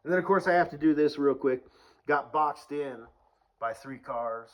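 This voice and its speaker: A man's voice: a little high, moderate pace, low-quality recording. A young man telling stories in a casual vlog, rambling with lots of fillers and swearing freely. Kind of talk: casual storytelling.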